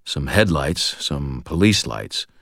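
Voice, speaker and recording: A man voicing a wounded, weary man with dry humor, speaking low and slow. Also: animated, vocal fry, a bit bright, no echo, exaggerated voice.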